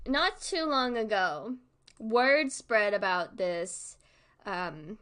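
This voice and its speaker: A woman's voice: fairly high pitch, fairly bright tone. A young woman streaming live, chatting casually and rambling, laughing often between thoughts. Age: young adult.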